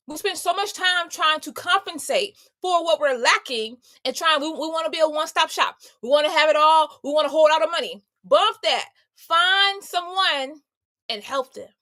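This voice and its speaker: A woman's voice: high-pitched, pushed and bright, no echo, studio quality. A woman host giving a faith-based motivational talk, emphatic and slangy, speaking straight to her listeners. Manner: emphatic, conversational and slangy, addressing listeners directly. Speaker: homemaker, entrepreneur and mother.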